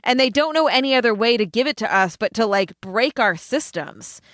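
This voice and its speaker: A woman co-hosting a casual podcast chat, animated and swearing often as she acts out characters' lines. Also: a little high, moderate pace, dry recording, clean studio sound. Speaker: podcast co-host. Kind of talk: casual chat about a TV episode.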